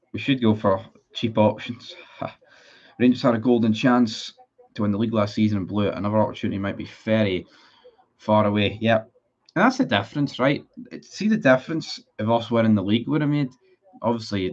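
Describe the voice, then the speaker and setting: Sweary football fan, low voice. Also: male voice, highs cut off. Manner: blunt, sweary and sarcastic. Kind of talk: casual livestream chat reading comments.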